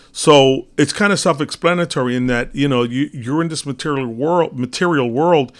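Rambling casual man on spirituality. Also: mid-range voice. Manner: casual, repetitive, storytelling with many fillers.

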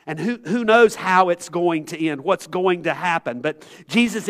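A man preaching a sermon as pastor, impassioned, swinging between loud pleading and hushed, quiet tones. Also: high-pitched, normal speed, hardly any pauses.

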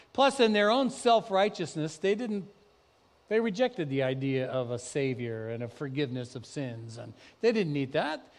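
A man preaching a sermon, talking conversationally and then rising to loud, emphatic peaks. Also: a little high, in a large hall. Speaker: pastor. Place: church sanctuary.

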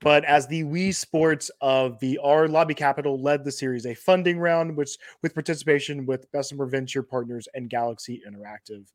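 A man's voice: medium pitch, steady tone, a little fast, hardly any pauses, no room sound. Dry-sounding man hosting a podcast. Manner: hesitant, repeats himself, reads lists of funding rounds. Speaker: podcast host. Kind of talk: casual sports chat and news reading.

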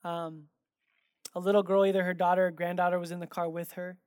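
A man's voice: high voice, level tone, brisk, darkish tone, clean tone, no room sound, studio quality. A man preaching a sermon in a conversational, storytelling way, animatedly acting out the dialogue in his stories. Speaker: pastor.

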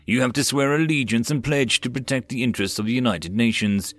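A man voicing a calm, confident young male lord who speaks directly. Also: mid-range voice, moderate pace, no room sound, voice pushed up, natural voice.

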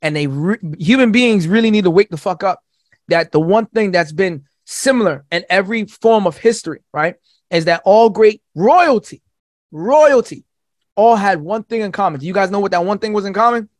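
A man talking as a podcast guest in a rapid, rambling monologue that swears often and keeps asking "right?", jumping into high, squeaky voices for quoted people. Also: no echo, studio quality. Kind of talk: casual podcast chat.

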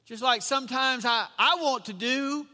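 A man's voice: extremely high pitch, moderate pace, pushed and bright. A man preaching a sermon as a pastor, emphatic, repeating his lines and asking the congregation questions. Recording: long reverb of a hall.

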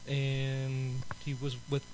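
A man co-hosting a podcast, chatting in a relaxed way and laughing easily. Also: medium pitch, takes it slowly, slight background noise, rough recording. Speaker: podcast co-host. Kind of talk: casual chat.

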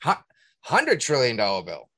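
A man hosting a podcast, ranting in casual talk, profane and indignant, with a husky voice. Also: mid-range voice, wildly swooping pitch, moderate pace, bright, forceful tone. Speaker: podcast host. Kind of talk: heated casual rant.

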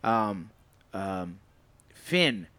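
Bright-voiced guy chatting, swears, jokes around a lot. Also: fairly low pitch, drawn-out words. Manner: expressive, swears, jokey asides. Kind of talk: casual chat.

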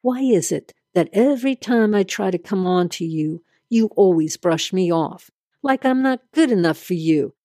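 A woman's voice: medium pitch, animated, normal speed, dark tone, no room sound. A woman voicing a male loan shark who turns from charming to bullying in a dry, close reading. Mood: menacing. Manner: coaxing then threatening.

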